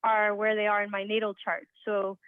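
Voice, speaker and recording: A woman calling in to a radio show, excited and hesitant, with many pauses and ums. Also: medium pitch, clear, resonant tone, dry recording. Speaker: caller. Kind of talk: call-in conversation. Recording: dry tinny phone line.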